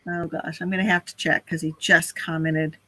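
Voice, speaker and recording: A woman's voice: deep voice, flat delivery, normal speed, fairly bright tone, no room sound, low-quality recording. A woman hosting a casual live stream, chatty and laughing often as she talks to her viewers.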